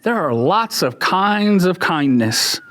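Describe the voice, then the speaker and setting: An eager young schoolgirl from a picture book speaks in a high, lively voice, as a man reading aloud puts her on. She talks slowly and thoughtfully. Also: a little hiss or hum, heavily acted.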